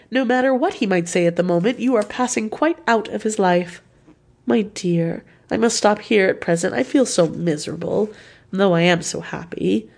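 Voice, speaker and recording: A woman reading a novel written as letters aloud, with a lively, confiding, expressive delivery. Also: mid-range voice. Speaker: audiobook reader.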